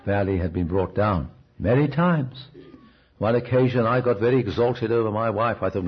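Man giving a sermon, very raspy voice, muffled old cassette sound. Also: medium pitch, brisk. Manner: conversational storytelling, asks the listeners questions. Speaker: preacher. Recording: dull, restored cassette recording.

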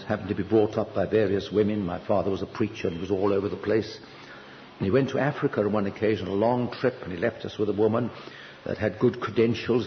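Older preacher in an echoing hall. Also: male voice, a little hiss or hum. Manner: earnest storytelling, sudden lifts of pitch for emphasis. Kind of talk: sermon. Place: conference hall. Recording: dull, slightly lo-fi hall recording with reverb.

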